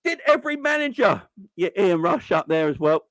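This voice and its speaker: Young male stream host with a fairly high voice. Heated, exasperated rant, repeats himself. Dry, close sound. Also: big pitch swings, moderate pace, a bit bright, no room sound. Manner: exasperated, repeats and restarts words when wound up.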